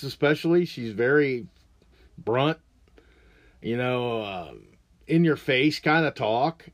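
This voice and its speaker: An American podcast host, a man with a voice on the high side, rants about politics in a blunt, crude, mocking way. It's a profane political rant, recorded with no echo.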